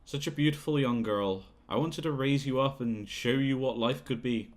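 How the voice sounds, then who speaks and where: A man's voice: mid-range voice, moderate pace, lightly acted. A man playing a bullying talent manager. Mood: coaxing. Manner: condescending, bullying, sneering. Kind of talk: video game voice-over.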